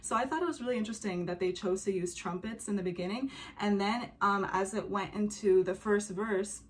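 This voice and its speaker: A woman's voice: mid-range voice, fairly quick. A young woman talking casually about a song's music, with many fillers and humming or singing short examples. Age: young adult. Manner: chatty, many fillers, hums and sings examples. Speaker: music commentator reacting to a song.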